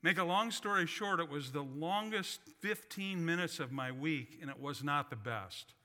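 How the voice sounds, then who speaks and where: A male pastor with a fairly high, very bright and cutting voice delivers a sermon built around a personal story. He tells it with folksy, self-deprecating humor. His words ring out with a long reverb from a church sanctuary. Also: normal speed. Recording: long reverb of a large hall.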